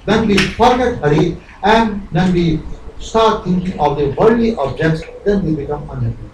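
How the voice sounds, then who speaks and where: High-voiced man preaching from afar. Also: animated, normal speed, darkish tone, a little hiss or hum. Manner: earnest, rhetorical, acts out imagined dialogues. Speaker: spiritual teacher. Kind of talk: devotional sermon. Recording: roomy live recording from far off, faint ambience.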